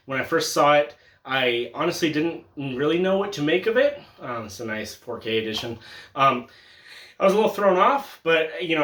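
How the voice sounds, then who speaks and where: A young man chatting casually about his film collection, joking, swearing freely and laughing often, with sudden loud bursts of excitement. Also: medium pitch. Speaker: collector showing his Blu-ray haul. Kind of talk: casual chat vlog. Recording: echoey room.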